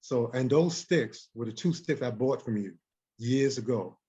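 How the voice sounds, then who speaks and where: A man, a guest in an interview, telling a story in an animated way, often repeating and restarting words. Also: mid-range voice, unhurried. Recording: dull lo-fi recording.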